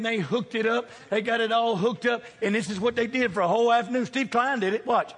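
A man in his fifties preaching a sermon, joking and throwing call-and-response questions at the congregation, swinging from loud to hushed. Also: very high-pitched, fairly quick, hardly any pauses, husky, some chatter behind. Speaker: pastor. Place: large church sanctuary. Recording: long hall reverb.

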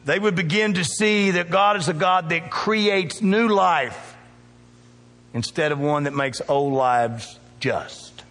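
A man's voice: on the high side, takes it slowly, a bit bright, long reverb tail. A male pastor preaching a sermon, emphatic and calling out to his congregation in a church. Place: church sanctuary.

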